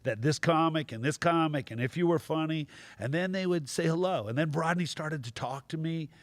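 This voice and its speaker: A male stand-up comedian telling animated anecdotes as a podcast guest. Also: a little high, moderate pace, no echo. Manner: animated anecdotes with acted quotes. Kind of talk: storytelling in podcast chat.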